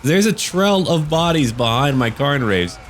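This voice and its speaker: A man's voice: a little high, expressive, a little slow, a little hiss or hum. A man casually commenting on a strategy game battle, chatty and joking. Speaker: gaming channel host.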